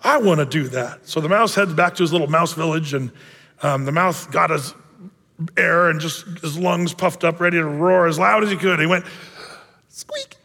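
A male pastor teaching a verse-by-verse Bible study in a relaxed, conversational way, with many fillers and self-deprecating humor. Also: a little high, normal speed, creaky. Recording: long reverb of a big hall.

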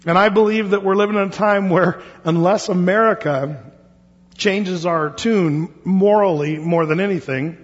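A pastor from Oregon leading a Bible study in a church hall, talking casually with many fillers and restarts. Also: male voice, high-pitched, normal speed. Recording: dull lo-fi sound with long hall reverb.

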